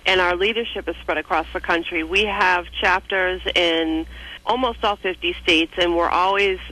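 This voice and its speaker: An advocacy spokeswoman from New calls into a radio show for a phone-in interview, speaking earnestly and steadily. Her voice is on the low side, bright and forceful, at a moderate pace, heard over a tinny telephone line.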